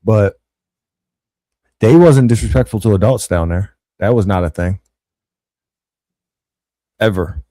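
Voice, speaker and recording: A man's voice: lowish voice, unhurried, long pauses, no echo. A young man, telling school stories in casual, slangy chat as a podcast host and acting out what others said. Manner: animated, slangy, acts out quotes.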